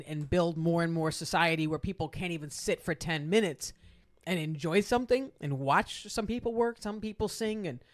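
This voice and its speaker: A woman hosting a podcast, chatting casually and acting out the people in her stories. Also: lowish voice. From New York. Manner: animated storyteller acting out salespeople. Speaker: podcast host. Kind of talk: casual chat, storytelling.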